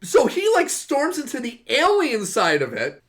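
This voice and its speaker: A man co-hosts a podcast, retelling movie scenes in casual chat and swearing freely. His pitch swings widely, giving him a very lively, animated delivery. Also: moderate pace. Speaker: podcast co-host.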